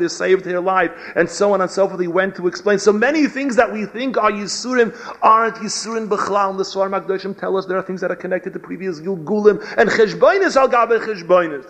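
A man giving a storytelling sermon as a rabbi, animated and weaving Hebrew and Yiddish terms into his English. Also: high-pitched. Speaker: rabbi giving a Torah lecture. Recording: dull lo-fi recording.

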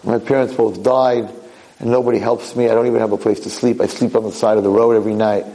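A man's voice: fairly low pitch, flat delivery, fast talker, warm tone, natural voice. A man voicing a poor orphaned peasant girl telling her story plainly. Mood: pleading.

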